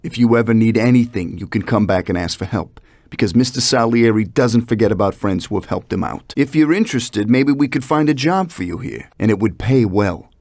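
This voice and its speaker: An actor playing a smooth mob associate in a video game, speaking in a calm, measured, persuasive way. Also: male voice, on the low side, dry recording.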